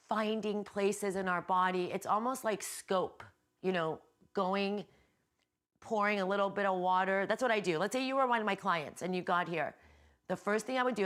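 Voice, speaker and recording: A woman with a mid-range voice, a healer and yoga instructor, hosts a casual guided meditation class from her hotel room. She speaks in a relaxed, wandering, candid manner and swears now and then.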